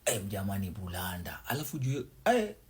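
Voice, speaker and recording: A Kenyan man ranting in street slang, fast and emphatic with stammers. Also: lowish voice, big pitch swings, slightly rough. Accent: Kenyan, Sheng slang. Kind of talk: street-slang social media rant.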